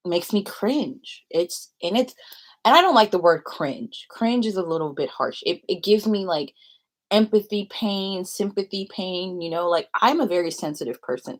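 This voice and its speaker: A woman's voice: fairly low pitch, expressive, normal speed. A young woman vlogging in a rambling confessional chat, full of filler likes and laughing often.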